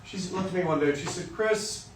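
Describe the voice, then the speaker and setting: A man's voice: on the high side, steady tone, racing, background noise. Joking, candid male voice teacher lecturing. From Western Kansas. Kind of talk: lecture to music students. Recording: roomy sound from a distant mic.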